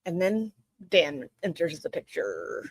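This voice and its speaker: A woman's voice: fairly low pitch, very animated, slow pace, slightly rough, no room sound. A woman streaming and chatting casually, who trips over words and corrects herself. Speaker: live streamer. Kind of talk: casual live commentary.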